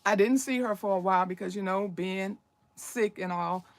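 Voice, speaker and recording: A middle-aged woman chatting casually in a how-to vlog about herbal remedies, peppering her talk with "you know" and "okay?" and acting out the voices in her stories. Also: moderate pace. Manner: acts out quoted voices with big pitch swings.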